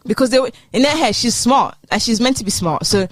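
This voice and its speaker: A young woman co-hosting a podcast, chatting casually and telling stories with animated, acted-out quotes. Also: a little high, a little fast, no room sound. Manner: animated storyteller, acts out quoted teachers. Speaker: podcast co-host. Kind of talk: casual chat.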